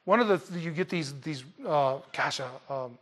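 A man preaching a casual, joking sermon, swinging between loud emphatic lines and quiet asides. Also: fairly high pitch, measured pace. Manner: lively, joking, dramatic swings in loudness. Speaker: pastor.

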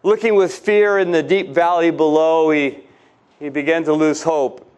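A man's voice: a little high, fairly even intonation, normal speed, darkish tone, clear, resonant tone. A male pastor praying and preaching reverently, often repeating words as he goes. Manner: reverent, prayerful, stammered repeats. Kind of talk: sermon and prayer.

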